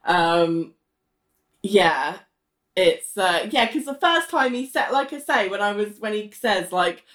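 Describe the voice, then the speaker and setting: A woman co-hosting a chat, chiming in with slow comments and frequent laughter. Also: mid-range voice, lively intonation, a bit bright. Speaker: podcast co-host. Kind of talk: casual chat. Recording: echoey room.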